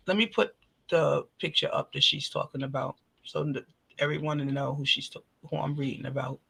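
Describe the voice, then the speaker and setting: Bright-voiced man reading aloud. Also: fairly high pitch, fairly even intonation, gravelly, breathy edge. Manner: reads posts aloud slowly and earnestly. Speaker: podcast co-host. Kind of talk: casual crime podcast discussion.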